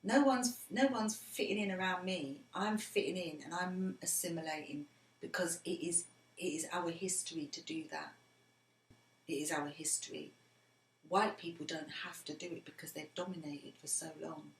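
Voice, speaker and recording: A middle-aged woman with a lowish voice tells personal stories with earnest feeling. Her voice often sinks to a near whisper. The recording sounds roomy, with a faint hum behind her. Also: normal speed. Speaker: interviewee, mother of the interviewer. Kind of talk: personal storytelling in conversation. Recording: roomy with faint background noise.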